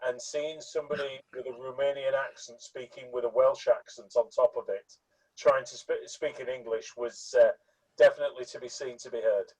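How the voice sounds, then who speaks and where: A man's voice: mid-range voice, steady tone, moderate pace, a little mellow, husky, recorded from a distance, low-quality recording. A man with a Yorkshire accent, a club member telling anecdotes in a casual chat.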